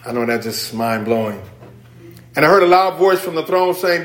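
A man preaching a sermon in church. He swings between hushed asides and near-shouted emphasis, with casual remarks to the congregation. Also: on the high side, animated, normal speed. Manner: informal, conversational asides with the congregation. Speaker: pastor. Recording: echoey church room.

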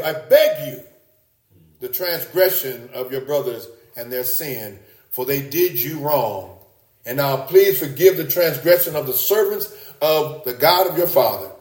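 A man preaching a sermon in an animated way, often rising high for emphasis and repeating his words. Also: echoey room.

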